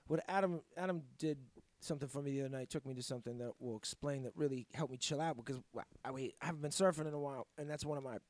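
A man hosting a podcast, telling a story in a casual, profane, animated way. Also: mid-range voice, fast talker, few pauses, no room sound. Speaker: podcast host.

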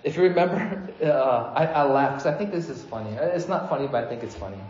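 A male preacher delivers his sermon in a loose, conversational way, breaking into lively voices whenever he quotes someone. His voice sits a little higher than most men's. He is heard in an echoey church hall on a slightly muffled recording. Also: fairly quick. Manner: conversational, animated when quoting, frequent restarts. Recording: echoey room, slightly dull sound.

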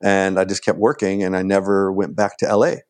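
A man's voice: low-pitched, flat delivery, a little fast. A middle-aged man casually telling a long anecdote as a podcast guest, full of "like" and restarts, acting out quoted dialogue in a raised voice. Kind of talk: casual storytelling.

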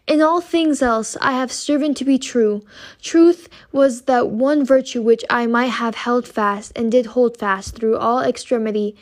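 A remorseful woman pleads with her lover in archaic, earnest phrases, as a female reader voices her. Her voice sits fairly high and stays close to the narrator's own. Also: darkish tone, close to an everyday voice.

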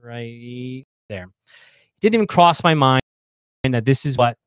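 On a video call, a man in his thirties chats casually, telling a story slowly in a smooth, medium-pitched voice with no echo. He's an animated storyteller who restarts often, repeats words and acts out the yelling fans.

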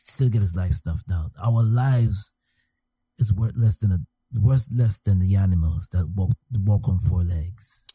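Husky, dark-voiced New man. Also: deep voice, no room sound. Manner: halting, repeats words. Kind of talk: casual conversation.

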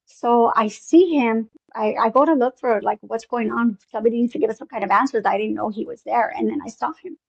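Gravelly, husky woman telling a story. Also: a little high, brisk, hardly any pauses, no echo, dull audio. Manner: rambling, many fillers, acts out dialogue. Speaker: interview guest. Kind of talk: personal storytelling.

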